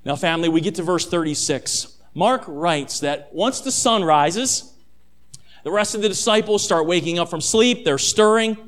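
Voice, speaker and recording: A male pastor delivers a dramatic sermon in a high voice, calling his listeners family. He drops to a near hush for weighty lines, then climbs back to full strength as the story builds. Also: animated, normal speed. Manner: dramatic, addresses listeners as family, swings between hushed and loud.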